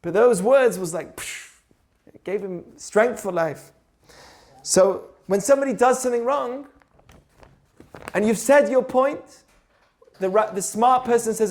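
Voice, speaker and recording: Male teacher, higher-pitched voice, casual storytelling lesson that keeps asking the listener questions. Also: unhurried, long pauses. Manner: conversational, asks rhetorical questions, tells stories. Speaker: teacher of Jewish ethics. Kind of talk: informal teaching talk.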